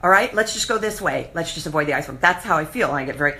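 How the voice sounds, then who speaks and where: A woman's voice: sits low, very fast. A middle-aged woman hosting a live show, talking passionately and animatedly in a casual monologue. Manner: passionate, animated, acts out voices of others.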